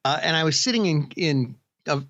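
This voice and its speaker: A man's voice: a little high, animated, moderate pace, fairly bright tone, no echo. Man, podcast co-host, rambling chatty storyteller, dull dry lo-fi sound. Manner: rambling storyteller with many restarts. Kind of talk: casual chat.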